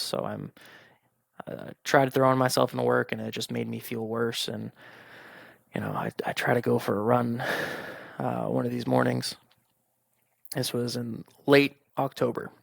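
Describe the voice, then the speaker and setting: A young man with a heavily gravelly, fry-laden voice at an ordinary pitch tells a personal story as a podcast host. He speaks candidly, swears freely and acts out his own past remarks. The sound is dry and close, with no room echo.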